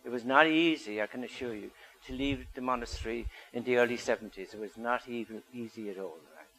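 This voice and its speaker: A man's voice: mid-range voice, a little fast, a bit bright, rough recording. An older man giving a storytelling talk to an audience, asking them questions as he goes. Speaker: speaker.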